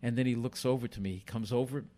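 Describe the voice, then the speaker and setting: An older man, a podcast guest telling animated stories and acting out the dialogue. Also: mid-range voice, fast. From United States. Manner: animated storyteller who acts out quoted dialogue. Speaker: guest, former boxing commissioner. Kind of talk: casual storytelling on a podcast.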